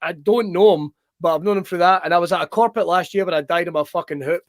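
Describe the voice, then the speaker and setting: Excitable sweary Scottish host, high voice. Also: male voice, fast, dry recording, clean studio sound. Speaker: podcast host. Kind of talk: casual chat.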